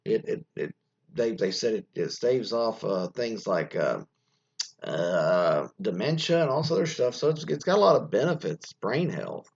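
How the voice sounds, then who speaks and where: A man in casual commentary, his voice a bit husky and worn. He rambles with plenty of restarts and opinionated asides. The recording sounds dull and slightly muffled. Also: lowish voice, very animated, normal speed. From United States. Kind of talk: casual commentary, reading news aloud.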